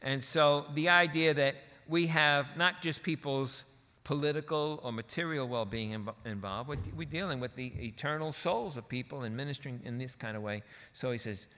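Bright-voiced preacher in an echoing hall. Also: male voice, medium pitch. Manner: conversational, folksy asides with quick voiced quotes. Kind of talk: sermon. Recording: long reverb of a large hall.

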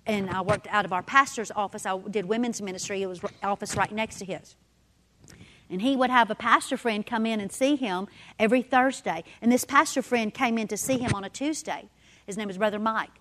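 A woman, a women's ministry speaker, giving a sermon in a meeting room and telling stories while acting out the dialogue. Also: mid-range voice. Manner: animated storyteller, acts out dialogue. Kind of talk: sermon with personal storytelling. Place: indoor meeting room with audience.

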